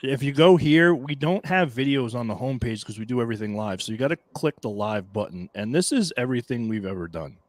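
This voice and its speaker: A man co-hosting a casual podcast, talking excitably and swearing heavily. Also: medium pitch, fast, few pauses, dry recording. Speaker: podcast co-host. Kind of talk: casual chat.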